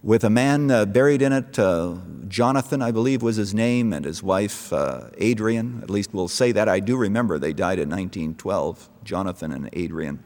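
A man's voice: on the low side, normal speed, few pauses, darkish tone. A middle-aged man preaching a sermon, telling a story and rising to emphatic calls to believe. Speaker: pastor. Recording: long echo of a large hall.

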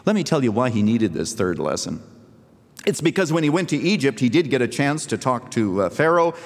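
A man's voice: mid-range voice, a little fast. Man preaching in a reverberant hall. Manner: animated preaching, voice rising and falling sharply. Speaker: pastor. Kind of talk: sermon. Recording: long reverb of a large hall.

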